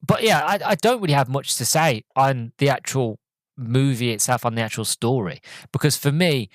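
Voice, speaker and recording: Male podcast host, mid-pitched, casual rambling reviewer, dry close sound. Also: animated, moderate pace, no echo. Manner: rambling, filler-heavy, self-correcting.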